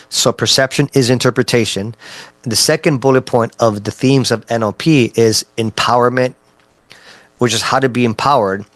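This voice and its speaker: A man's voice: medium pitch, no echo. A man coaching on mindset in a casual teaching talk, checking in often with his listeners. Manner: conversational, frequent "right?" check-ins, restarts. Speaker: NLP coach.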